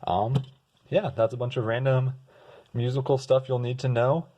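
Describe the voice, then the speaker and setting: A young man giving a casual music lesson, explaining terms in a relaxed way and singing short example notes. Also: mid-range voice, normal speed, lo-fi sound. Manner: relaxed, sings example notes and restarts words. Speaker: music tutor.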